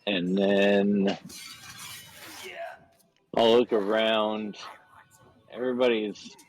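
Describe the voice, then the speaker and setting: A man's voice: on the low side, steady tone, very slow, low-quality recording. A man playing a tabletop game, speaking hesitantly with many fillers as he decides his turn. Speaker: player.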